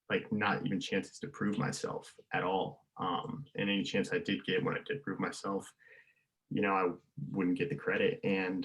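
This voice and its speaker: Young guy with a lowish voice, chatting casually, laughs a lot, gets loud acting out quotes. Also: rough recording. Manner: animated storyteller, laughs often, acts out quotes loudly. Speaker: podcast guest. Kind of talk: casual storytelling chat.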